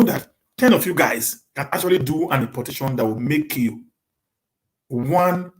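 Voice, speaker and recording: A man with a Nigerian accent chatting casually to his live-stream viewers, talking quickly and often repeating and restarting words as he mixes in pidgin. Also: medium pitch, expressive. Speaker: live-stream host answering viewer questions.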